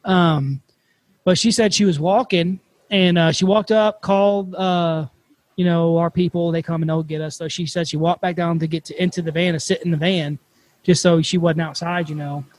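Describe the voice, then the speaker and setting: A man hosting a podcast, telling a campfire story in a casual, animated way and swearing freely. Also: fairly high pitch, moderate pace. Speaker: podcast host.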